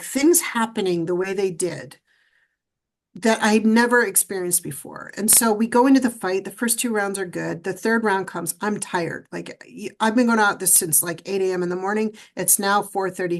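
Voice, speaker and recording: A middle-aged woman, a podcast guest, telling her story in an animated, emphatic way. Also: mid-range voice, slight background noise. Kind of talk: storytelling interview.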